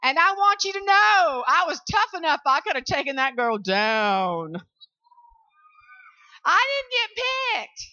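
A Southern woman with a high, bright, ringing voice tells stories to a room of students and keeps calling out "y'all". She is lively and animated. The recording sounds a little dull and lo-fi. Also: normal speed, hardly any pauses. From South Carolina, US. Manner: animated storytelling, calls out to the audience. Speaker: motivational speaker. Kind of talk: motivational speech to students.

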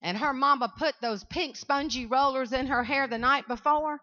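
A woman from South Carolina with a Southern accent gives an animated motivational speech to students and keeps calling out to the audience. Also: high-pitched, normal speed, lo-fi sound. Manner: animated storytelling, calls out to the audience. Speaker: motivational speaker.

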